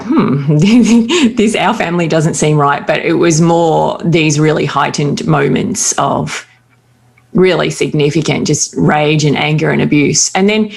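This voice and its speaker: A woman with a low, creaky voice appears as a talk show guest, candidly recounting personal experiences. She comes across earnest and reflective, often restarting her sentences.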